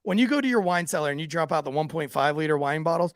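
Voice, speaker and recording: A man, a former police officer, co-hosting a podcast and telling profane, animated stories in casual chat. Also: a little high, rapid-fire, no room sound.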